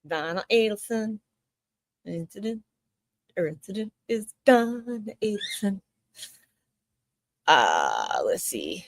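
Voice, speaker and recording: A woman's voice: mid-range voice, sing-song, takes it slowly, pauses often, dry recording. A woman streaming and chatting casually, who trips over words and corrects herself. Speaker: live streamer. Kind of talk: casual live commentary.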